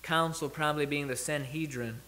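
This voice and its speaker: Bright-voiced man preaching a conversational sermon. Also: fairly high pitch, fairly even intonation, moderate pace. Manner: conversational, thinks aloud with restarts and self-corrections. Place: church.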